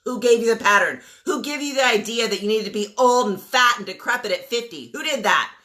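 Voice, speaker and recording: A woman in her forties delivers a blunt motivational rant as a coach, hammering home commands and rhetorical questions. Her voice sits a little high and rings bright and forceful, with mild swearing thrown in. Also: lively intonation, fairly quick. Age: 40s. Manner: emphatic, preachy, rhetorical questions and repeated commands.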